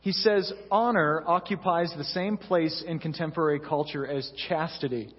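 A young male pastor delivers a chatty, story-driven sermon in a slightly high, husky voice. The sound is dull and lo-fi, with a long hall reverb around him. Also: moderate pace. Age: young adult. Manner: conversational storytelling, frequent "you know". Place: church sanctuary.

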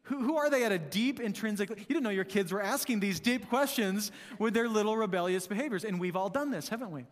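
A pastor with a high, light voice delivers a casual, conversational sermon, speaking a little fast with few pauses and constantly checking in with the congregation through rhetorical questions. A long reverb on his voice suggests a large church hall.

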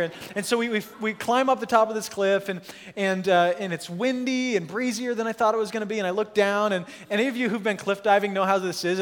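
A man in his thirties, a pastor telling a story in a lively, self-mocking sermon at church. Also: high-pitched. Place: church hall. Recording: long hall reverb.

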